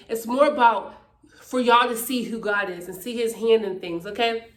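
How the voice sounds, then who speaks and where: A woman's voice: fairly high pitch, normal speed, fairly bright tone, echoey room. A woman from Pittsburgh talking casually and emphatically to her vlog viewers, often checking in with "okay?". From Pittsburgh, Pennsylvania, USA. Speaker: YouTuber. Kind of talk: casual faith testimony vlog.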